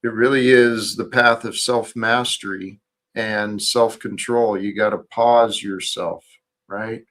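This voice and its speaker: A man's voice: on the low side, fairly even intonation, slow, fairly bright tone. A man hosting a casual spiritual livestream chat, speaking in a reflective, earnest way. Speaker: livestream host.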